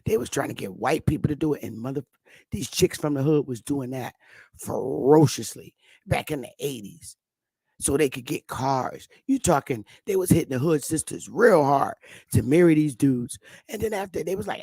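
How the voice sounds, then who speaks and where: A woman's voice: low-pitched, lively intonation, moderate pace, a little mellow, husky, no room sound. A woman in her fifties from Connecticut, telling stories in a blunt, profane, emphatic rant to her viewers. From Connecticut, USA. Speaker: vlogger. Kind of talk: casual storytelling rant.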